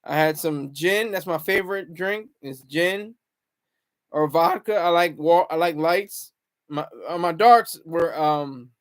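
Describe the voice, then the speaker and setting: High-voiced man rambling on a livestream. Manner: rambling, chatty, reads out chat comments. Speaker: livestream host. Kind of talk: casual livestream chat.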